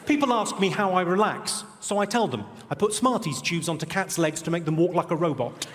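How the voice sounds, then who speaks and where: A man with a posh southern English accent doing a stand-up set of deadpan one-liners on a large theatre stage. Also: sits high, brisk, background noise. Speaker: stand-up comedian. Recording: live theatre, roomy, loud crowd. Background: audience laughter.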